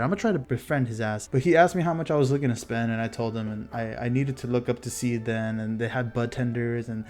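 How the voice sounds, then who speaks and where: A young man from Texas tells a story in a loose, rambling way, swearing often and poking fun at himself. His voice sits at an ordinary middle pitch. Faint music plays underneath. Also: fast, few pauses, a little mellow. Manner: rambling, profane, self-mocking. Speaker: vlogger. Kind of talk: casual storytime.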